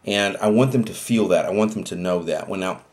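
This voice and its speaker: An older man with a very deep, low voice speaks earnestly and reflectively about family. His delivery is heartfelt and sincere, like an inspirational talk show host. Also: fairly quick.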